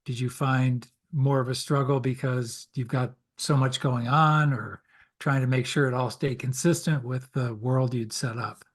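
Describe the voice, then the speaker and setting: A man's voice: medium pitch, fairly even intonation, measured pace. A man hosting an interview, asking an author questions and encouraging him. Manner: friendly, encouraging prompts. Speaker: interview host.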